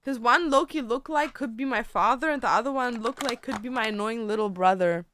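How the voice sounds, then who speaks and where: A woman's voice: a little high, noisy background. A woman streaming a casual chat from home, cooing sing-song baby talk at her cats and swearing casually between jokes. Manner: swears casually, drawn-out joking phrases.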